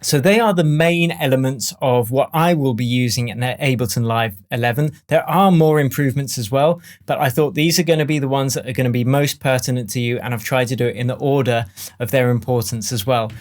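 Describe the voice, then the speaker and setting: Man explaining music software. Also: mid-range voice. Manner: relaxed, chatty explaining with fillers. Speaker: music production tutor. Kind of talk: screen-recorded software tutorial. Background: faint demo music playing.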